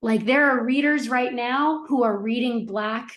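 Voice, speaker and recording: A woman's voice: on the high side, unhurried, a bit bright. A middle-aged woman guest on a podcast, telling her story in an earnest, reflective way with frequent restarts. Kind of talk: casual interview conversation.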